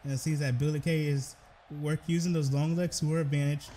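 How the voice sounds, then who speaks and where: A young man giving excitable play-by-play commentary over a wrestling video game, breaking into shouted exclamations. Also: a little high, a little fast, faint music behind.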